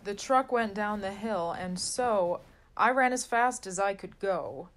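Woman reading a children's picture book aloud, sing-song rhymes, slow pace, mid pitch. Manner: sing-song rhyming delivery. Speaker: storybook reader.

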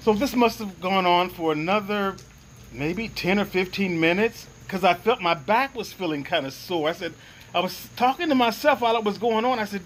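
A man's voice: high-pitched, moderate pace, a bit bright, slight background noise, poor audio. A man earnestly recounting a personal experience in first person, reflective and searching for the right words. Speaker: guest sharing a personal experience.

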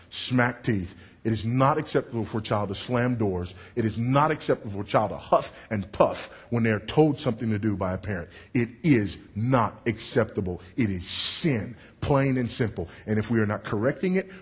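Husky-voiced preacher man with a big voice. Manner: emphatic, swinging from loud to low for effect; confessional and wry, working the crowd. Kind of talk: sermon.

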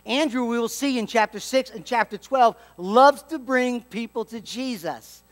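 High-voiced animated man preaching. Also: normal speed, soft background music. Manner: animated storytelling, acts out dialogue. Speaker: pastor. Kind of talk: sermon.

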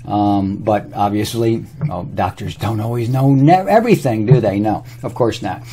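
A man's voice: fairly low pitch, moderate pace, mellow, slight background noise. A man talking casually to camera, rambling through anecdotes while demonstrating a product on his own body. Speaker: presenter demonstrating a health product.

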